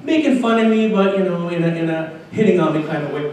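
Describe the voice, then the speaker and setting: A young Canadian man performing a crude, self-mocking stand-up comedy set at a convention, with filler pauses between punchlines. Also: high voice, a little mellow. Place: convention hotel function room with live audience. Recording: very echoey, distant camcorder sound with faint room noise.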